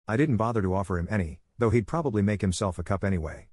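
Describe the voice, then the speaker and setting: Husky low-voiced man narrating a story. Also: animated, quick pace, a little mellow, no room sound, studio quality. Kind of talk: scripted first-person story narration.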